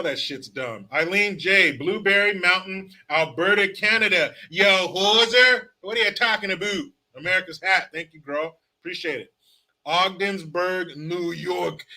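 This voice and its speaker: A man's voice: on the high side, pushed and bright. A man hosting a casual live stream, reading viewer comments aloud with joking, sarcastic asides. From California. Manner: joking, sarcastic, reads chat names aloud.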